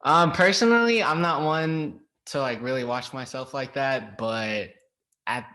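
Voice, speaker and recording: A young man from Los Angeles, an actor guest in a casual interview, relaxed and hesitant with many fillers. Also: mid-range voice, measured pace.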